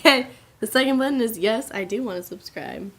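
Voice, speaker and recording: Bubbly giggly woman with a raspy voice. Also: a little high, fairly quick, fairly bright tone. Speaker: co-host guest. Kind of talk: casual chat show banter.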